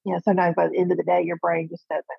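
A woman's voice: lowish voice, little pitch movement, rapid-fire, creaky, breathy edge, dry recording, dull audio. A woman author from Texas, a guest on a casual interview, friendly and teasing as she talks. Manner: friendly, teasing, laughs at herself.

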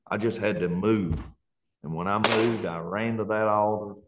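A man's voice: fairly low pitch, moderate pace, noisy background. A man with an Appalachian accent, a pastor, telling his conversion story in an earnest, fervent way, at times close to tears. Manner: earnest, fervent, colloquial grammar. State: near tears. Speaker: pastor and guest. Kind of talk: emotional testimony.

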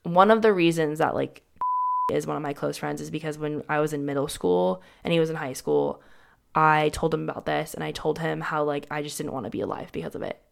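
A young adult woman, appearing as a guest, shares her story candidly and fairly quickly. Her low voice carries a gravelly fry, and her speech is loose and casual, packed with "like" and frequently restarted sentences.

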